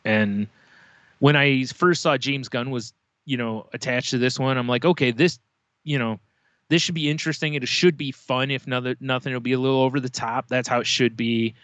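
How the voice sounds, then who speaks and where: A man's voice: medium pitch, fairly even intonation, normal speed, fairly bright tone, dry recording. A man co-hosting a podcast, chatting casually with loose profane banter. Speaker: podcast co-host. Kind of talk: casual chat.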